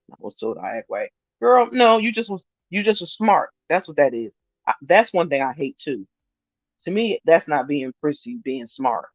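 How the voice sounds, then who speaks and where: A woman in her fifties chatting casually to her viewers on a livestream, animated and laughing often as she reads their comments. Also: low voice, no echo. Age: 50s. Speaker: vlogger reading viewer comments. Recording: dry, slightly muffled lo-fi sound.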